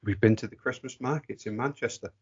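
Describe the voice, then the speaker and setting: A man hosts a casual podcast in an upbeat, teasing way. His voice sits in a middle pitch. The recording sounds a bit dull and lo-fi. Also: quick pace, breathy edge. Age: 30s. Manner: upbeat, teasing, lively intros. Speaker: podcast co-host. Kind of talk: casual chat.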